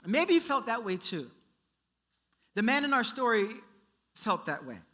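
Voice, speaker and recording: A man preaching a sermon, telling a story in a lively way and acting out its characters. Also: very high-pitched, moderate pace. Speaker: pastor.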